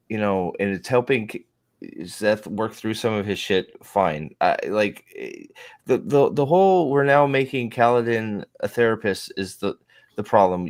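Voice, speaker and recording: Rambling man in a book chat. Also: fairly low pitch. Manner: rambling, restarts, swears, acts out scenes. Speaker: podcast host. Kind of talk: casual book discussion.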